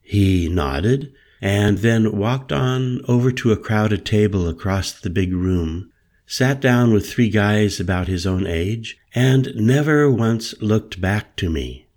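A man narrating a first-person story in a measured, calm storytelling manner. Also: fairly low pitch. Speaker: audiobook narrator.

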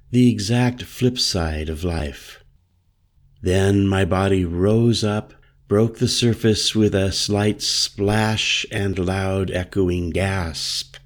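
Deep, slow male storyteller. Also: darkish tone. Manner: measured, reflective storytelling. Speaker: narrator. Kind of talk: scripted first-person novel narration.

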